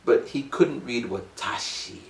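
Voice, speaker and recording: A man in his forties telling a rambling, animated story at home. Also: medium pitch, a little slow, echoey room, slight background noise. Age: 40s. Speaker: vlogger. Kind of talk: casual storytelling vlog.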